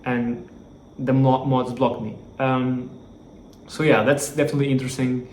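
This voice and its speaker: A man's voice: medium pitch, level tone, normal speed, darkish tone, a little hiss or hum. Rambling man vlogging in an echoey room. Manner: rambling, with many fillers and restarts. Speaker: startup founder giving a status update. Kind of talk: casual vlog monologue. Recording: roomy echo, faint background ambience.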